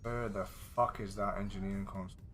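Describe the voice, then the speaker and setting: A man's voice: on the low side, steady tone, fairly quick, a bit bright, faint music behind. A man live-streaming a game, chatting casually with viewers, swearing a lot and going off on rambling rants. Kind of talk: casual live-stream chat while gaming.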